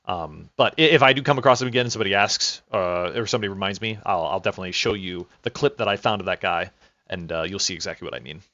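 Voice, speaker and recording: A man streaming a game with casual, rambling commentary, excitable, with restarts and swearing. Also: sits low, fast, no room sound. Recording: dull lo-fi dry mic.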